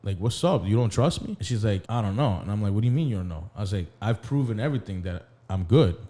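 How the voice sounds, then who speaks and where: Man, podcast host, laid-back storyteller, mellow middle voice. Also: lowish voice, animated, fast. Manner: laid-back storyteller, acts out quoted dialogue.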